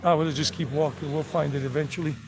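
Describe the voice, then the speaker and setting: A man's voice: a little high, fairly even intonation, fast talker. A middle-aged American man hosting a casual walking-tour live stream, rambling and repeating himself as he walks. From United States. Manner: rambling, repeats himself, sings song snippets. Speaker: vlog host giving a walking tour. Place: outdoors on city streets. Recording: outdoor street noise behind voice.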